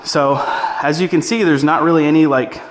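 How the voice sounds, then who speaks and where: A man giving a relaxed, chatty on-location tutorial, talking through each step while he walks through a house. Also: a little high, fairly quick. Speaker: real estate photography instructor. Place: indoors walking through a house.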